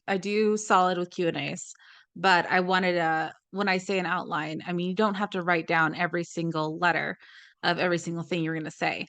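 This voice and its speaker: A woman's voice: on the low side, fairly bright tone, no echo. A woman co-hosting a podcast, telling stories in casual chat, acting out the people she quotes and swearing now and then. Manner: chatty storyteller, acts out quoted voices, swears casually. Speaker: podcast co-host.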